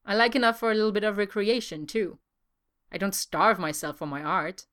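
A woman's voice: mid-range voice, fairly even intonation, fairly quick, fairly bright tone, close to an everyday voice. A woman voicing a brash sardonic male artist. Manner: blunt, sardonic.

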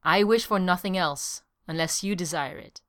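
A woman's voice: on the low side, a bit bright, natural voice. A woman reading the part of a proud former slave, a young man who speaks coldly and crudely. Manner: cold, clipped, deliberately crude.

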